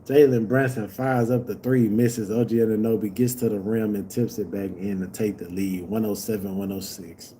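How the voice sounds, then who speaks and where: A young man reacting live to a basketball game, yelling at the players and swearing, moving from low grumbling to loud outbursts. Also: steady tone, normal speed, hardly any pauses, a little hiss or hum. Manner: yells at the players, profane and exasperated; swings from low muttering to loud shouts.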